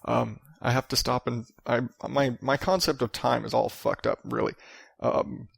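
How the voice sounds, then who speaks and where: A man's voice: mid-range voice, fairly even intonation, moderate pace, gravelly, slightly rough, no echo, clean studio sound. A man in his thirties hosting a solo podcast, ranting and rambling with lots of swearing. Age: 30s. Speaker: podcast host.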